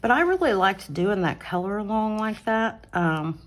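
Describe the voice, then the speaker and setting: A woman runs an adult coloring channel, casually talking through her completed pages in a relaxed way, full of fillers and self-corrections. She records at home on a phone on an arm mount, speaking at normal speed in a mid-range voice.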